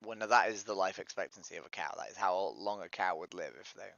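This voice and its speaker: Persistent bright-voiced male activist streamer. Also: low-pitched, quick pace, gravelly, no room sound. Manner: persistent, repeats his opening line, probing questions. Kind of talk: street-outreach style questioning on voice chat. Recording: dry lo-fi stream audio.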